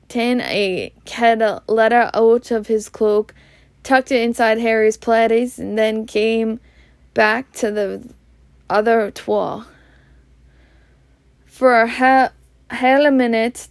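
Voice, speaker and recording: A woman with a Scottish accent reading a storybook aloud in Scots, slowly and evenly, with some slips and restarts. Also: on the high side, vocal fry, no echo. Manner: slow, even, with slips and restarts. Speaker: reader.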